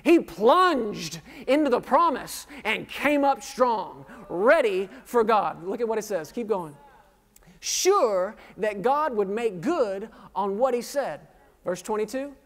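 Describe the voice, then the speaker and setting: A man's voice: high-pitched, very animated, slow pace. A man in his thirties preaching a sermon, quizzing the congregation and joking at his own expense. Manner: jokey and self-deprecating. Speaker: pastor. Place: church sanctuary. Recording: reverberant church hall.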